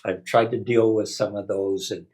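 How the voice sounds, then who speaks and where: A man co-hosting a podcast interview, speaking softly and hesitantly, with many fillers and restarts. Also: lowish voice, steady tone, moderate pace. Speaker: podcast co-host. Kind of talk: casual interview chat.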